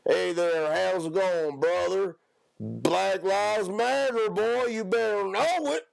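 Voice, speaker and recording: A man doing a loud, drawling, blustering tough-guy voice in a comedic podcast bit. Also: high voice, slow pace, creaky, over music, voice pushed up, full character voice. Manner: shouty drawl, tacks "boy" onto lines.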